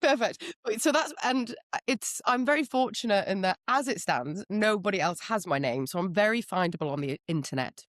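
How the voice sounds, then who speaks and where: A woman guest on a podcast interview, telling her story in a lively, candid way. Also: mid-range voice, moderate pace, hardly any pauses, dry recording, studio quality. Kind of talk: casual interview chat.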